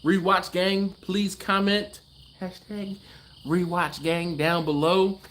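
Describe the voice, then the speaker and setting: A man's voice: high voice, level tone, takes it slowly, a bit bright. Laid-back man hosting a garage livestream. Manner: laid-back, chatty, laughs often, trails off. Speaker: livestream host. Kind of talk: casual live-stream chat reading comments.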